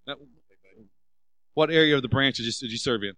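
Male pastor preaching, animated, lots of questions to the crowd, dry sound. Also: mid-range voice, a little fast, dry recording, low-quality recording. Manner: animated, rhetorical questions to the congregation; acts out quoted voices. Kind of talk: sermon.

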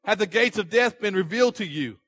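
A man's voice: sits high, expressive, brisk, a bit bright, dry recording, voice pushed up. A man voicing God as a stern, sarcastic questioner who fires off demanding rhetorical questions.

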